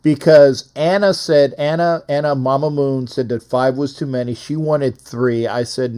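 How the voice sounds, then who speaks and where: A man's voice: mid-range voice, measured pace, dark tone, clean tone. Rambling male call-in show host. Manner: rambling and repetitive, reads out phone numbers. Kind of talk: casual live call-in sports chat.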